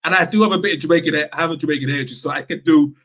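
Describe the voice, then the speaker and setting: Passionate football fan. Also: male voice, on the high side, racing. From Yorkshire, England. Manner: animated, passionate fan talk with many restarts. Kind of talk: casual live-stream football chat.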